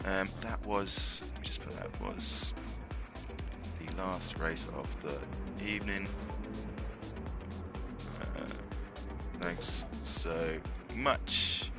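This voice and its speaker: A man's voice: deep voice, expressive, drawn-out words, creaky, pauses often. A man commentating a video game race on his stream, upbeat and chatty, using casual slang. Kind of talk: live racing commentary and casual chat. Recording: game music playing behind the voice. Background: game music.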